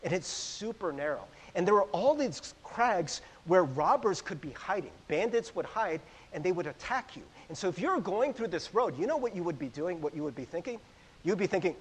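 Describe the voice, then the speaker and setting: A man delivers a sermon in a high, husky voice that rises and falls widely. He is animated and jokey, and he keeps throwing questions at his listeners. His voice rings out with a long echo, as in a large hall. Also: a little fast. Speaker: preacher. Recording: echoey hall.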